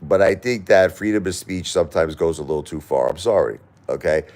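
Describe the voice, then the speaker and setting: A middle-aged man on a live stream, talking through grief and reading viewer comments, halting and repeating himself, at times crying. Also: low voice, a little mellow. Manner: halting, repeats words, grief-stricken and pleading. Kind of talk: emotional live-stream talk.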